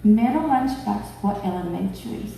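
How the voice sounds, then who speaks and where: A woman in her fifties from Japan, speaking English with a Japanese accent, telling a personal story at a conference in a slow, heartfelt, expressive way. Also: medium pitch, creaky, a little hiss or hum. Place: conference hall. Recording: echoey hall, mic at a distance.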